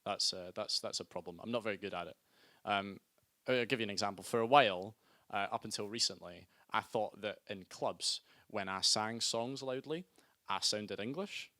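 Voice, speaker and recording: A young Scottish man compering a student stand-up show, with a bright, forceful voice. He talks in a chatty, self-mocking way and breaks into loud calls to hype the crowd. The sound is dry and close, with little room echo. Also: fairly low pitch, normal speed. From Scotland. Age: young adult. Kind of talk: live stand-up comedy. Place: student comedy night venue.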